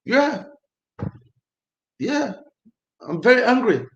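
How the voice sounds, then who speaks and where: A man's voice: extremely high pitch, big pitch swings, slow, a bit bright, dull audio. Agitated man in an echoey room. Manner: emphatic, repetitive, agitated. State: angry and tense. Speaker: livestream host. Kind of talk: casual livestream chat.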